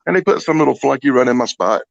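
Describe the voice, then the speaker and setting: A man spins stories in an animated, swooping voice that carries a gravelly edge. He swears freely and plays every character himself. The sound is dry and a bit dull, like lo-fi call audio. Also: mid-range voice, quick pace, dry recording. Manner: profane, animated storyteller who acts out the people in his stories. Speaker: guest storyteller. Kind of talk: casual storytelling chat.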